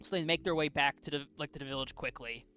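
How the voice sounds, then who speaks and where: This podcast co-host talks fast in a bright, forceful voice on the high side, with faint music behind him. He rambles through the plot of a comic casually, with frequent fillers and restarts.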